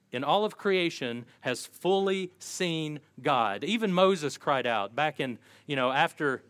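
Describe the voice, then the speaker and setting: A man preaching a sermon, reading scripture aloud and explaining it with animated delivery. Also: a little high, dry recording. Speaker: pastor.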